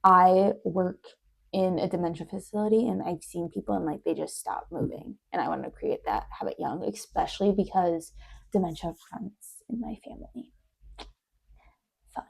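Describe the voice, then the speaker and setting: Sleepy young woman rambling at a camera, kinda gravelly, slips into whispers. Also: lowish voice. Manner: rambling, chatty, drifts in and out of soft whispers. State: sleepy, yawning. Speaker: video diarist. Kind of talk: casual diary chat.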